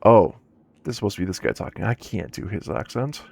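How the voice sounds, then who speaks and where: A man's voice: on the low side, expressive, a little fast, gravelly, slightly rough, dry recording. A man streaming a video game live, commenting playfully and joking back at the characters. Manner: playful, jokey, talks to the game.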